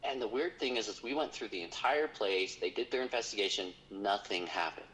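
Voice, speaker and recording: A man's voice: lowish voice, a little fast, fairly bright tone, low-quality recording. A man, a paranormal investigator, telling a story in casual conversation, rambling with lots of fillers.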